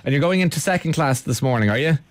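A man's voice: fairly high pitch, expressive, fast, no room sound. A man hosting a radio phone-in, joking with a young caller and tripping over his words. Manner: teasing, jokey, stumbles over words. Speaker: radio host. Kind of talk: playful radio phone-in chat.

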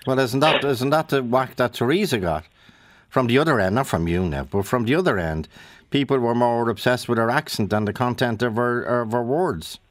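A man hosting a radio phone-in, chatting casually and probing callers with quick questions. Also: medium pitch, no echo. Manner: probing, interjecting. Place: radio studio. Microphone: studio microphone.

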